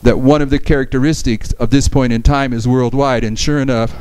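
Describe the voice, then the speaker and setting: A man's voice: mid-range voice, steady tone, a little fast, a little mellow, clear, resonant tone, no room sound, poor audio. A man giving a Bible study lecture, reading verses aloud and explaining them with frequent restarts.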